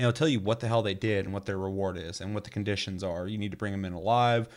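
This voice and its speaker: A man with a fairly low voice, talking about a game in a loose, rambling way. He swears freely and fills his sentences with "like" and "um", in an easy, unscripted chat. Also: fairly even intonation, quick pace.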